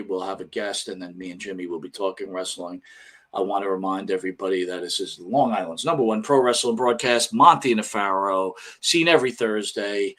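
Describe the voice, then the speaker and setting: A man's voice: lowish voice, a bit bright. Older male co-host, loose and profane, reads names from chat. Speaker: podcast co-host. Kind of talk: casual live-stream chat.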